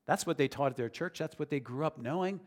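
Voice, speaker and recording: A slightly high-pitched man, a pastor, talks quickly as he preaches, earnest and conversational at first, then building to emphatic declarations. The sound carries the long reverb of a large hall.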